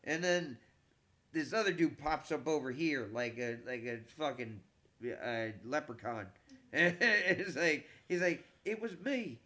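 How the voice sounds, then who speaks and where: A middle-aged man, a comedian, telling a long story in a casual, animated, profane way, with frequent stammered restarts. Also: on the high side, a little slow.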